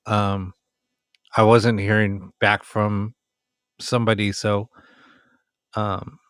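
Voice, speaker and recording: A man's voice: lowish voice, level tone, takes it slowly, a bit bright, clean tone, no echo, studio quality. A man hosting a late-night ghost box livestream, talking casually with many ums and sounding tired.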